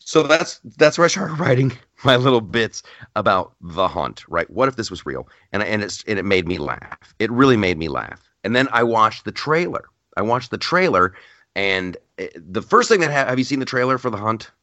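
A man's voice: fairly low pitch, normal speed, dry recording, muffled recording. A man hosting a podcast, chatting casually and telling stories animatedly, often restarting his sentences. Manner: animated storyteller with frequent restarts. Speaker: podcast host.

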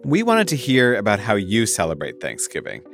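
A man's voice: on the low side, huge pitch swings, moderate pace, creaky, a bit bright, soft background music. A man hosting a show, narrating between interview clips. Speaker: podcast host. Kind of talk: scripted narration.

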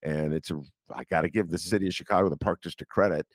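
A man hosting a podcast interview, chatting casually and telling joking, self-deprecating stories in an animated way. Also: sits low, fast, no echo, clean studio sound. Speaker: podcast host.

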